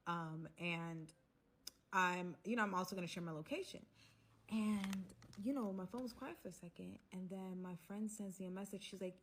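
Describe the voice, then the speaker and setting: A woman with a somewhat low voice tells a personal story to her viewers in a casual storytime style. She is animated and acts out the quotes as she goes. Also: fairly quick. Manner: animated, acting out quotes and whispers. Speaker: storyteller in a played video.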